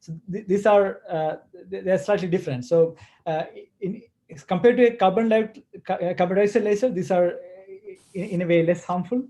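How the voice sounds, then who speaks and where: A man from Kerala, India, answering questions as a guest lecturer in a webinar, speaking haltingly with many restarts over a video call. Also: high voice, dark tone. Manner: halting, hesitant, full of restarts.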